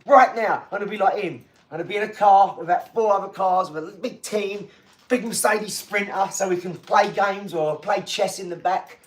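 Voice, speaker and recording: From a garage gym, a high-pitched man speaking at normal speed chats to viewers on a live stream. He's casual, chatty, and slangy, talking straight to the chat.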